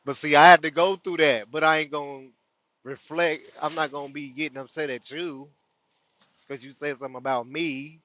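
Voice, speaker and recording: A man's voice: medium pitch, fairly even intonation, normal speed, pauses often, fairly bright tone. A man hosting a spiritual livestream, talking loosely to his viewers and laughing often. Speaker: host of a spiritual community livestream. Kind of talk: casual spiritual talk to viewers. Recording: dull lo-fi sound.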